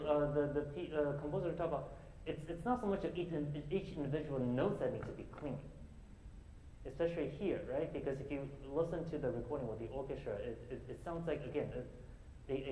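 A man's voice: medium pitch, a little hiss or hum. Man coaching piano, singing rhythms. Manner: sings rhythms aloud to demonstrate; halting, many restarts and fillers. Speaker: piano teacher giving a master class. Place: concert hall with piano. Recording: roomy hall sound with loud piano. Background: piano playing.

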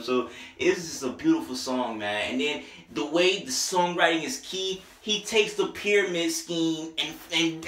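A young man giving an excited, slangy casual album review, now and then singing bits of the songs. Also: a little high, far from the mic. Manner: excited, slangy, sings snippets along with the tracks. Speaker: music reviewer. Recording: echoey room, voice off-mic.

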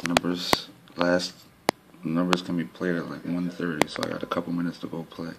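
A man talking casually to his viewers about his lottery system, pointing things out on a chart, by turns excited and frustrated. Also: low voice, normal speed, gravelly, background noise. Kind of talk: casual talk to camera.

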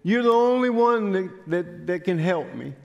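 A man voicing a pleading, excitable troublemaker who begs to be rescued. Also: normal speed, lo-fi sound, natural voice. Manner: whiny, pleading, pitched up. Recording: church hall with long reverb.

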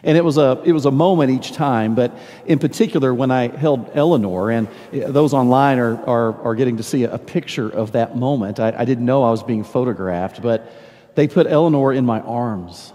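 An older man preaching a sermon as pastor, telling stories in a warm, halting way and repeating words as he searches for them. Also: medium pitch. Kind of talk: sermon with storytelling. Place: large church sanctuary. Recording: long church reverb.

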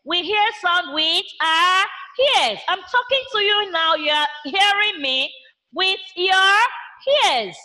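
A woman's voice: very high-pitched, animated, takes it slowly, sharp tone. A woman with a Nigerian English accent teaching a primary school science lesson online, using call-and-response questions and imitating animal sounds for the children.

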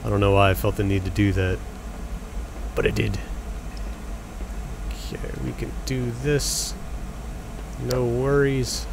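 With game noise beneath him, a young man plays a video game and offers casual, jokey commentary, chatting at the enemies on screen. His low, gravelly voice barely moves in pitch, and he takes his time with long pauses.

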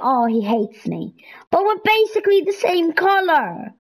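A young woman giving casual, excitable commentary while playing a video game, pleading with and scolding game characters. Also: very high voice, unhurried, poor audio. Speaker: gameplay streamer. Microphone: headset or console mic.

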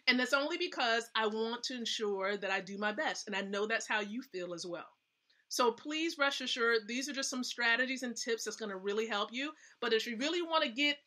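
Bright, chatty woman coaching on a live stream. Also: on the high side. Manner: chatty, emphatic, asks the audience questions. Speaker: host.

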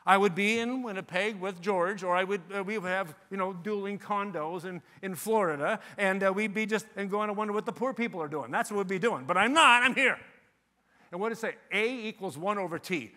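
Older male sales trainer, bright, high voice, animated joking storyteller at a conference. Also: a little fast, big-room sound. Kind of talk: live conference presentation. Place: conference venue.

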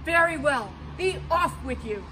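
A woman's voice: sits high, animated, a little slow, bright, forceful tone, slight background noise, full character voice, rough recording. A woman voicing a big ugly troll in a storybook reading, roaring threats. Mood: menacing. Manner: roaring, menacing. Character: great ugly male troll under a bridge.

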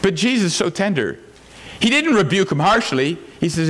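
Pasteur à la voix assez haute. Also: male voice, high voice, very animated, moderate pace, fairly bright tone. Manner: earnest, tender storytelling, rising to fervent emphasis. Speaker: pastor. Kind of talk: sermon.

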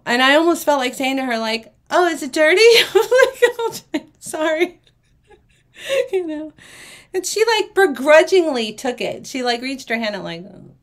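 Woman, live-auction host, casual chat, storyteller who acts out quotes, mutters asides. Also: a little high. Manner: chatty, acts out quoted people in a lively way. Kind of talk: live shopping stream, chatty.

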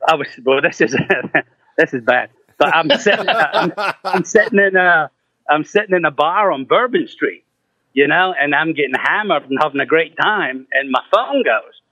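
Profane middle-aged rock singer telling stories. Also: male voice, a little high, animated, moderate pace, bright, forceful tone, no echo. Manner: profane, laughing, acts out quoted voices. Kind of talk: casual storytelling. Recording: muffled, lo-fi, dry.

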